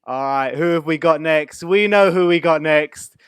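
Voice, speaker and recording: A man's voice: fairly high pitch, moderate pace, a bit bright, clean tone, dry recording. A man hosting a fan phone-in, upbeat and chatty. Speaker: host.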